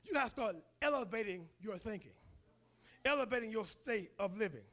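A man's voice: high voice, expressive, brisk, a bit bright. A male preacher giving a sermon in a colloquial, storytelling manner.

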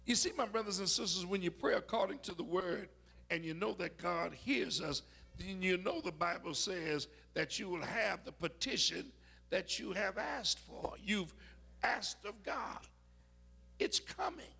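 Husky, gravelly-voiced preacher man. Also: high-pitched, measured pace. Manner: storytelling with dramatic shouted peaks. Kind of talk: sermon.

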